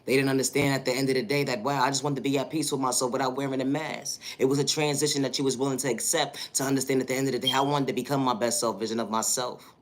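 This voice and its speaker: A man's voice: medium pitch, little pitch movement, fast, few pauses. A man hosting a livestream and speaking a motivational monologue, with affirming lines and repeated catchphrases. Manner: repetitive, affirming, rhythmic catchphrases. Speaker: livestream host.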